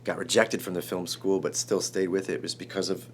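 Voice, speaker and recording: Screenwriter guest, man, forties, from Chicago, low voice, excitable storyteller who restarts sentences. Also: brisk, a little hiss or hum. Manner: animated, rambling storyteller, restarts often. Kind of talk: emotional storytelling in an interview.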